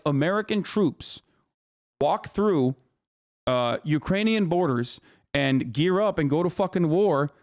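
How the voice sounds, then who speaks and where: A man in his thirties streaming a heated, profane political rant to his chat, angry and stumbling over restarts. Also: a little high.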